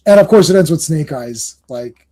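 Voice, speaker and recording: A man hosting a comic book podcast in casual chat, excitable and rambling, often laughing and restarting his sentences. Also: a little high, normal speed.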